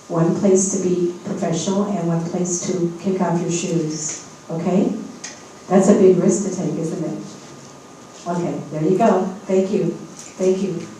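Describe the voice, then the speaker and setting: A woman's voice: fairly low pitch, warm tone, a little hiss or hum. Woman, fifties, spiritual medium, live workshop, encouraging, emphatic, checks in with audience, distant mic, very echoey hotel event room.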